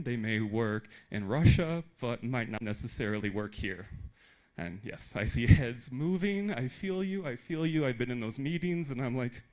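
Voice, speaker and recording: A young American man giving a live presentation to teachers in a theater, lively and joking with the audience. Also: mid-range voice. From United States. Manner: animated, talks with humor and audience asides. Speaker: conference speaker.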